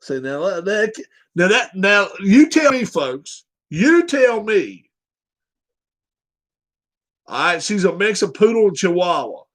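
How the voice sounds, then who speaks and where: A man's voice: high-pitched, very animated, takes it slowly, long pauses, fairly bright tone. A man hosting a casual livestream, blunt, joking and profane. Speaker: livestream host.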